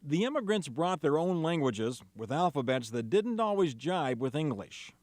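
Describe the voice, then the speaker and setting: A man from Minnesota narrating a TV news feature in a brisk, scripted reporter's delivery. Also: a little high, very animated. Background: music.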